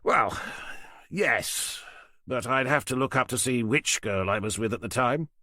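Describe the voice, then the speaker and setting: A man's voice: mid-range voice, lively intonation, measured pace, pushed and bright, dry recording, clean studio sound, voice pushed up. A man reading an audiobook voices a disdainful, idle older man who talks in a sneering, mocking way.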